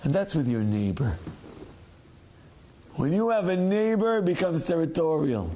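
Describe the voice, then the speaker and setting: A man, a rabbi, giving a Torah class as a lively storyteller who acts out the voices of people in his stories. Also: fairly high pitch, a little slow, long pauses.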